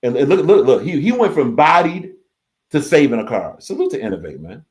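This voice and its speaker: Male stream host, casual and lively, reads viewer comments aloud, repeats phrases, mid-pitched voice. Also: brisk. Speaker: livestream host reading chat. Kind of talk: casual live reaction stream.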